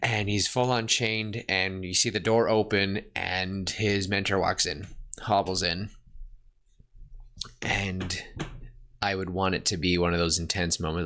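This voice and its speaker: A man co-hosting a podcast, brainstorming a fantasy story in casual chat and excitedly acting out the characters' lines. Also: low-pitched. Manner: excited, acts out characters' lines in quick bursts. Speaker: podcast co-host.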